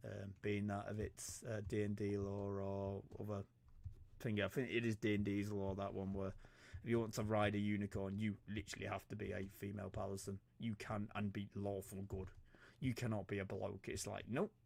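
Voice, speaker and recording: A man's voice: on the low side, monotone, moderate pace, vocal fry, a little mellow. A young man, rambling and joking, stammering often and swearing casually as he chats on a gaming livestream. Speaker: streamer.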